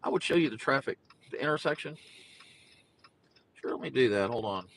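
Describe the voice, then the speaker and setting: A man's voice: animated, brisk, a bit bright, rough recording. Rambling, jokey man driving home. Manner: jokey, meandering, sings and makes animal noises. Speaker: podcast host and photographer livestreaming. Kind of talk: rambling casual live stream while driving. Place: car in traffic. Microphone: phone in car. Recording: faint road noise in car. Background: engine rumble.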